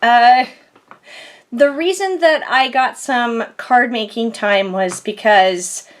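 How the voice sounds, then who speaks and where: Casting note: bubbly high woman crafter, casual rambling vlog chat, laughs often, sore back. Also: slow. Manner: rambling, giggly, frequent fillers. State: sore back, groans a little. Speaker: crafting vlogger. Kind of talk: casual chatty haul video.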